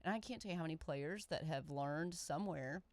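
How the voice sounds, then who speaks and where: Emphatic, animated woman coach. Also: low-pitched, a little fast, crowd noise. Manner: animated, emphatic, quotes players in character. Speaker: pickleball coach. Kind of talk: casual interview chat.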